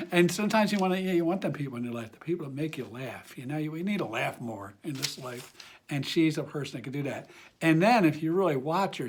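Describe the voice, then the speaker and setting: A man's voice: fairly high pitch, slightly rough. A man hosting a fragrance channel, talking casually to camera in a friendly, rambling way with many fillers and restarts. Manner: friendly and enthusiastic.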